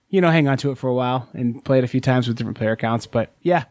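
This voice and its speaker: A man's voice: medium pitch, expressive, quick pace, few pauses, dry recording, studio quality. A man co-hosting a casual board game talk, rambling with lots of fillers and restarts. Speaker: podcast co-host. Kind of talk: casual chat.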